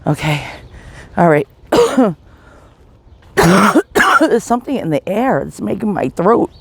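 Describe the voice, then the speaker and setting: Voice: medium pitch, big pitch swings, takes it slowly, vocal fry, pauses often, husky. A vlogger, panicky and short of breath, coughing and pleading in a shaky confessional vlog recorded on a phone while walking down a residential street outdoors.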